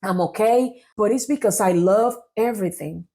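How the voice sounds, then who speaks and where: A middle-aged woman hosting a podcast, telling personal stories in an animated, emphatic way. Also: medium pitch, normal speed. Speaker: podcast host. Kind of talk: conversational storytelling.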